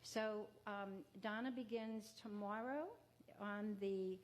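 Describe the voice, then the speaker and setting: Halting woman hosting a memorial ceremony. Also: medium pitch, fairly even intonation. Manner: warm, halting, with fillers and self-corrections. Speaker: exhibition organizer and ceremony host. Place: museum event room.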